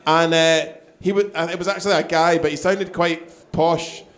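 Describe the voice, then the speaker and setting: A man hosting a live stand-up night, chatty and loud, laughing along with his own jokes. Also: on the high side, steady tone, normal speed. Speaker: host. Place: live comedy bar crowd.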